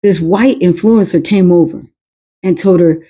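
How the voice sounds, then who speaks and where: A woman's voice: fairly low pitch, measured pace, dark tone. Blunt, emphatic woman podcaster. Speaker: podcast host. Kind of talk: casual commentary.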